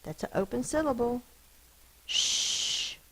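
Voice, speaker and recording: Female elementary teacher, deliberate phonics delivery, slightly gravelly voice. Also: mid-range voice, noisy background. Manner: slow, deliberate, sounds out each letter and syllable. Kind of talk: phonics lesson, sounding out words.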